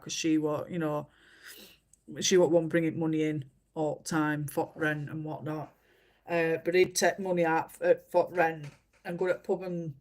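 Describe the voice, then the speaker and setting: A woman, chatting casually on a livestream and telling stories with many fillers. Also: low-pitched. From England. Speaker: livestream host. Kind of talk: casual chat while colouring.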